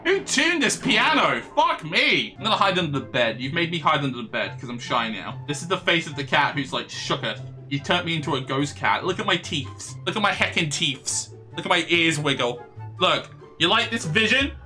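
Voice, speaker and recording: A high, very bright man's voice that swings all over the place, streaming a game and riffing on it as he plays. He bounces between silly jokes, mock outrage and a lot of swearing as he talks back at the characters, and faint music plays underneath. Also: big pitch swings, normal speed. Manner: playful, sweary, joking banter with game characters. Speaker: gaming streamer. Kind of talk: let's play commentary. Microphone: desk mic for streaming.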